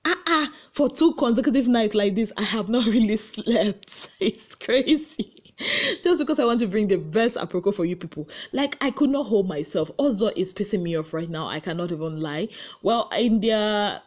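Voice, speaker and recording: A Nigerian woman recapping reality-show gossip late at night, tired but lively, acting out what people said. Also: moderate pace. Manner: animated storyteller, acting out quotes with big pitch jumps. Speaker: gossip vlogger. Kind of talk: casual chatty recap. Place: her room at home.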